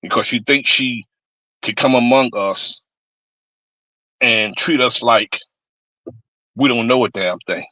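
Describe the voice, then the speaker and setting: A man's voice: medium pitch, takes it slowly, long pauses, sharp tone, dry recording, rough recording. A man on a live stream giving a blunt, rambling political rant, cursing freely. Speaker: stream panelist.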